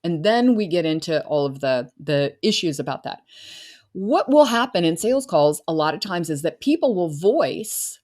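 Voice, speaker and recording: Woman, middle-aged, low pitch, earnest, casual solo podcast talk. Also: lively intonation, normal speed. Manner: earnest, warm-hearted, acts out clients' voices. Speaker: business coach and podcast host.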